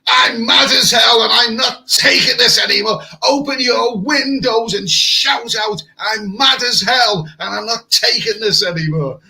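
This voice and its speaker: A man doing a raging newsman shouting on air. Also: extremely high pitch, a little slow, vocal fry, hardly any pauses, pitched above the performer's own voice, heavily acted. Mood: enraged. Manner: shouting, furious. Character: raging man ranting on live TV.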